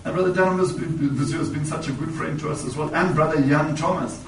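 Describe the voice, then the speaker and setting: Picked up by a distant, echoey church mic, a man preaches a sermon testimony about his own life. He speaks fast in a slightly high, steady voice, storytelling with a repeated "you know" and rising emphasis.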